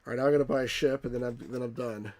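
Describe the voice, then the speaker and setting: A man's voice: medium pitch, steady tone, racing, a little mellow. A man hosting a let's play, rambling casually as he reads game text and chat aloud.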